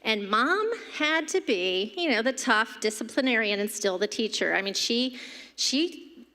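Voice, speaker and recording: A middle-aged woman with a slightly high voice tells warm, funny family stories in a eulogy. She speaks from a church podium microphone. Her voice carries a long, spacious church reverb. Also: lively intonation, a little slow. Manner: warm anecdotal delivery, laughing between stories. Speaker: daughter giving a eulogy. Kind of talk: humorous memorial storytelling. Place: church sanctuary.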